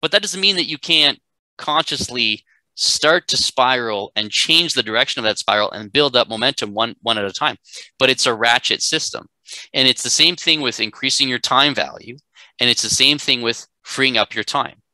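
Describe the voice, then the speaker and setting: Speaking at a normal pace in a mid-range, bright, forceful voice, a man teaches a live class. He's emphatic and chatty, often asking "right?"; the audio is poor with no room sound.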